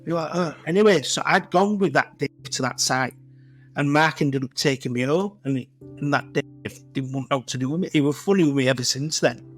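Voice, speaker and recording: A middle-aged Yorkshire man chats casually as a podcast guest, rambling from one anecdote to the next. His voice sits somewhat high for a man, and he talks bluntly and swears freely. Faint music plays behind him. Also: a little fast. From Leeds, England. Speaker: guest tiler.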